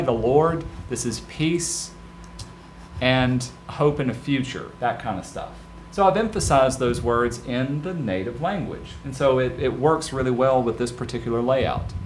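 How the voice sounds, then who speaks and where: A male design instructor giving a relaxed, practical screen-recorded software tutorial and talking straight to his students. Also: medium pitch, a little hiss or hum.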